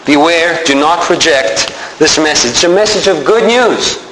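Animated male preacher in an echoey hall. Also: fairly high pitch, normal speed, a little hiss or hum. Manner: animated preaching, rising emphasis. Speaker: pastor. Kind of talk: sermon.

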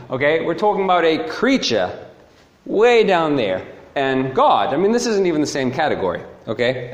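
Animated man preaching in an echoey room. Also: medium pitch. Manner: emphatic, animated, keeps checking in with "okay?". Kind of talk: sermon. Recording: roomy echo.

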